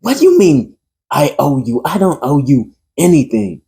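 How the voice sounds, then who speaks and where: A man voicing a huge young football player who shouts furiously at an old friend. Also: on the high side, huge pitch swings, normal speed, gravelly, pitched above the performer's own voice, full character voice. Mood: angry.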